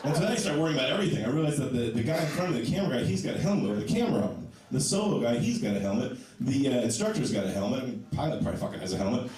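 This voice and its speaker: Animated stand-up comic man in an echoey club. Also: mid-range voice, rapid-fire, hardly any pauses. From Ohio. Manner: animated, self-mocking, acts out quoted voices. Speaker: stand-up comedian. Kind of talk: stand-up set. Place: comedy club stage with live audience. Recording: echoey club, distant mic, crowd noise.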